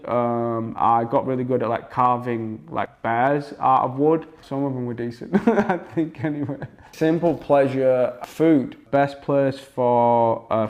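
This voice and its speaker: A man speaks in a loose, unhurried interview manner. He wanders through his answers with plenty of ums and likes. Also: medium pitch. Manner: laid-back, rambling, with many ums and likes. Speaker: guest singer. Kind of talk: casual interview chat.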